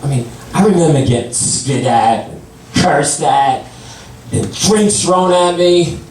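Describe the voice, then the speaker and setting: A man in his sixties telling stand-up jokes in a deadpan style, putting on higher voices for the people in his stories. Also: slow pace, slight background noise. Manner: deadpan one-liners, voices others in a higher pitch. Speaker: stand-up comedian. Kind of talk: stand-up comedy set. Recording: echoey club, voice from far off.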